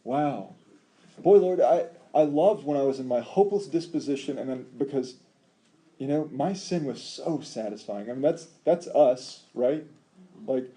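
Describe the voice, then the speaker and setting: Very dark-voiced man teaching scripture. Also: mid-range voice, moderate pace. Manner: animated, emphatic, with rhetorical questions and frequent ums. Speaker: Bible teacher. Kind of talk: Bible study lecture.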